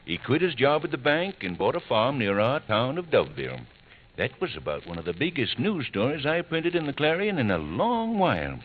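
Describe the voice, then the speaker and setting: An actor playing a folksy small-town newspaper editor who narrates a 1950s radio comedy. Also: male voice, medium pitch, wildly swooping pitch, fairly quick. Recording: old broadcast recording, tinny and hissy.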